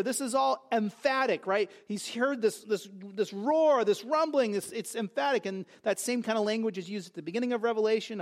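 High-voiced man preaching a sermon. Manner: emphatic preaching with rising, loud quoted lines and frequent restarts. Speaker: pastor.

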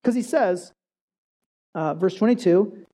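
Preacher, conversational sermon, mellow tone, casual, keeps asking "right?", acts out quotes. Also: mid-range voice, takes it slowly. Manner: animated, acts out quoted speech. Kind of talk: conversational sermon on a Bible passage.

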